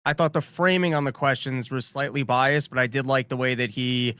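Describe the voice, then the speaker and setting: A man co-hosting a podcast in casual chat, speaking in a measured, articulate way. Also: medium pitch, fairly even intonation, a bit bright, clear, resonant tone, no echo.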